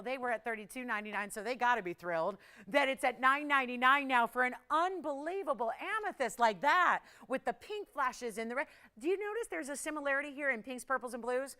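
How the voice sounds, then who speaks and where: A woman hosting a live jewelry shopping show, chatty and excitable, often laughing and talking to callers and operators. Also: high voice, brisk.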